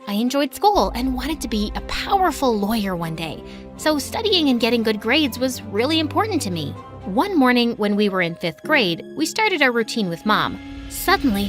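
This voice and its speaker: A woman narrating an animated drama story in the first person, bright and animated. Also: high voice.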